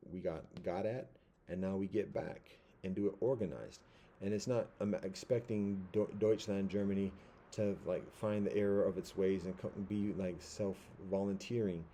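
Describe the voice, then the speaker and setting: A man giving a casual commentary monologue, halting and rambling with many fillers and restarts. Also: deep voice, warm tone, slight background noise.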